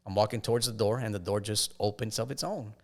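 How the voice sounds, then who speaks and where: A man, a podcast guest, telling his life story in a casual, halting way with frequent restarts. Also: on the low side.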